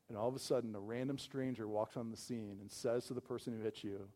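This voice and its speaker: A male pastor gives a sermon in an easygoing, conversational voice of middling pitch. He talks in loose run-on phrases studded with "like," and he slips into quoted voices to act out how people react. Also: steady tone, fast, hardly any pauses, dark tone. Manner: conversational, full of "like" fillers, acts out quoted voices.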